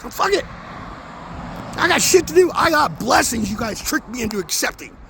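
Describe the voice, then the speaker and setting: Gravelly, swearing man rambling outdoors. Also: extremely high pitch, big pitch swings, moderate pace. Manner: swearing, intense, swings between mumbling and loud outbursts. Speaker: vlogger. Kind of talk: rambling spiritual monologue. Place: outdoors near traffic, walking. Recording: outdoor phone audio with street noise.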